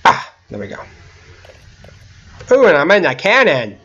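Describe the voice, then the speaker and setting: A young man giving casual gaming commentary, excitable, yelping, whooping and swearing often as he plays. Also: fairly high pitch, unhurried, highs cut off. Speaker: gaming channel host.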